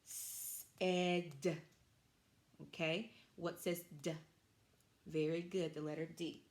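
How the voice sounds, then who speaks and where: A woman teacher giving an online reading lesson to young children, encouraging and slow, drawing out her words clearly. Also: low voice, level tone, darkish tone.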